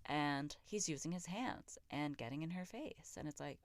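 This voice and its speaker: Low-voiced, candid woman podcaster, profane and raw. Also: lively intonation, normal speed, no echo. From raised in a Pakistani immigrant family. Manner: raw, profane, emphatic and self-reflective. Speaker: podcast host. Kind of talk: candid solo podcast monologue.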